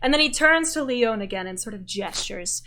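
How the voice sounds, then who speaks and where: A woman narrating a tabletop role-playing game as game master, describing the scene in an unhurried way with fillers. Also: on the high side, lively intonation, sharp tone.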